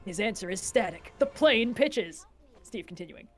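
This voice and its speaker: A woman's voice: mid-range voice, lively intonation, normal speed, faint music behind. A woman hosting a stream, reading a screenplay's stage directions aloud with wry asides. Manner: wry, adds snarky asides. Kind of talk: casual screenplay read-aloud.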